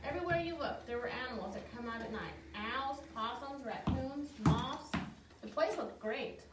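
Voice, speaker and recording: A woman reading a children's storybook aloud in a lively, expressive way. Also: on the high side, normal speed. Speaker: reader. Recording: echoey room, distant mic, faint noise.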